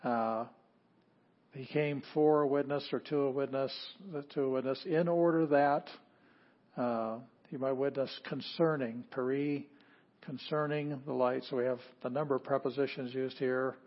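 A man's voice: mid-range voice, steady tone, highs cut off. A man teaching a class on Greek, sounding out words one at a time and then explaining them. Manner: reads Greek word by word, halting. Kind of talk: classroom lesson.

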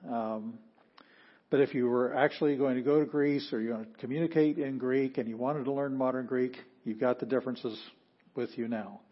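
Husky man teaching slowly, lo-fi. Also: mid-range voice, fairly even intonation. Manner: patient, halting, many ums, sounds out words slowly. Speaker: Greek teacher. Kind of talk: informal classroom lesson.

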